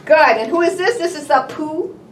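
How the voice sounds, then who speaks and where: Brief: animated woman speech therapist, high and bouncy pitch, exaggerated sound effects, slow deliberate word modeling. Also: slight background noise. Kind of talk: playful speech therapy session with a young child. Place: indoor therapy room. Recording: roomy and distant.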